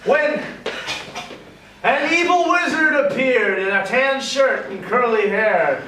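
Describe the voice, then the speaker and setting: Man, improv narrator, high voice, rambling, self-correcting, distant live stage recording, very echoey hall. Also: lively intonation, takes it slowly, noisy background. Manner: rambling, self-correcting, laughing at his own story. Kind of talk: improvised comic storytelling.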